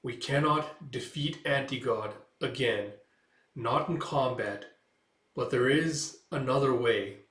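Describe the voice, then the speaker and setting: A man voicing a grave cosmic being who speaks slowly and measuredly. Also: medium pitch, fairly bright tone, echoey room.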